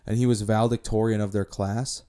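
Mellow low-voiced man chatting. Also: brisk, smooth. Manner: relaxed storyteller with frequent laughs. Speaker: podcast co-host. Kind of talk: casual chat.

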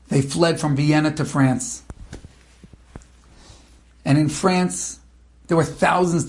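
High, gravelly dramatic storyteller man. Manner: dramatic, building to emotional peaks. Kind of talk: inspirational story retelling.

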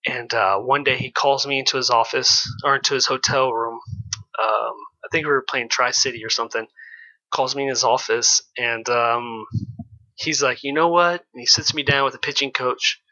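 A former pro baseball pitcher telling loose, candid stories in an interview, full of "like" and "you know". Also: male voice, level tone, moderate pace, sharp tone, lo-fi sound. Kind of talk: casual storytelling in an interview.

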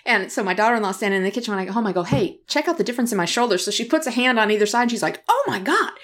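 Lively laughing woman podcast host. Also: mid-range voice, racing. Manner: animated storyteller who laughs often and acts out quotes. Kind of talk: casual podcast chat.

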